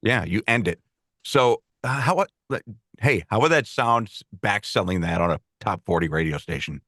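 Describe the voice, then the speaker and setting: A man's voice: fairly low pitch, lively intonation, a bit bright, no room sound, studio quality. A middle-aged man, a podcast co-host and former radio host, chatting in an easygoing, reflective way. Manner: easygoing, reflective, lots of quick agreement. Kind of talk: casual chat.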